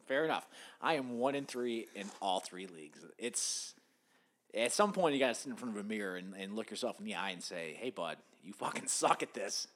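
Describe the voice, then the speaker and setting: Bright, lively man who teases. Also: lowish voice, normal speed. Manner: laughs a lot, teasing. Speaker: podcast co-host. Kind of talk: casual chat.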